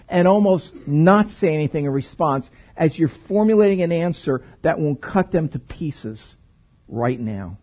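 A man preaching a sermon in a conversational, animated way, asking the congregation rhetorical questions. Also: fairly high pitch, slightly rough, highs cut off. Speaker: pastor.

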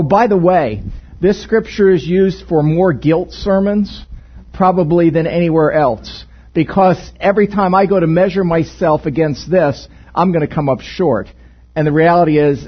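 A man's voice: a little high, husky, muffled recording. A male pastor giving an interactive sermon in a church, joking and asking the congregation questions. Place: church sanctuary.

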